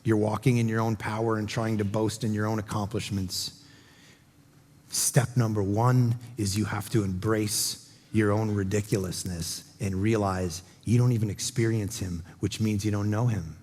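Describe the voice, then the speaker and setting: A man preaching a sermon as pastor, telling a story with animated voices and then leading a prayer. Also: fairly low pitch, moderate pace. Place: large church auditorium. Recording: long hall reverb with faint music.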